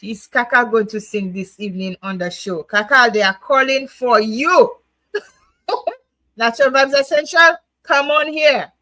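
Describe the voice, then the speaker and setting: A woman with a fairly high voice hosts a casual poetry night livestream, chatting, laughing and coaxing viewers to come on and perform. She also reads her own verse aloud. Her voice sounds dry and close, with no room around it. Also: a little slow, sharp tone, no echo, low-quality recording. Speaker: livestream host.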